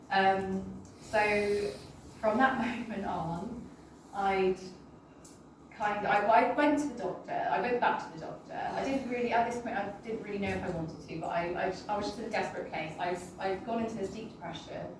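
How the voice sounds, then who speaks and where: A British woman recounts her own story to a listening audience, speaking in a halting, emotional way and often apologizing. Her voice is picked up from a distance in a very reverberant room. A constant background hum sits under her speech. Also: medium pitch, steady tone. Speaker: guest sharing a personal testimony. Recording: roomy, distant, with background noise.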